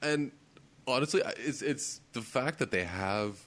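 A man's voice: mid-range voice, animated, fairly bright tone. A man in casual conversation, reacting bluntly and swearing freely. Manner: blunt, profane, quick reactions. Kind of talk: casual chat.

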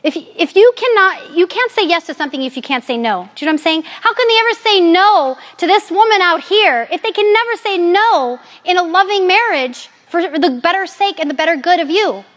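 High-voiced, candid woman giving a faith talk. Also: a little fast, few pauses. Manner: candid, animated, joking. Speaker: Catholic speaker. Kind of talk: personal faith talk to an audience.

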